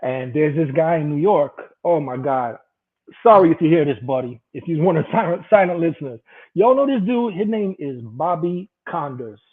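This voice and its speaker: A man's voice: a little high, animated, moderate pace, breathy edge. A man casually telling a profane, rambling story with a lot of laughing. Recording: tinny phone-like line.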